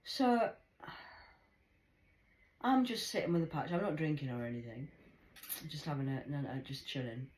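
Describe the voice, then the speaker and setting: Low-voiced middle-aged woman telling stories. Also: moderate pace, pauses often, slight background noise. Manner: swearing, drops to hushed whispers, bursts into loud high impressions. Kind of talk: rambling personal storytelling.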